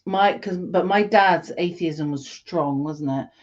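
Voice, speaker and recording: A woman's voice: on the low side, slow pace, dull audio. A woman co-hosting a podcast in casual, playful, teasing chat. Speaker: podcast co-host.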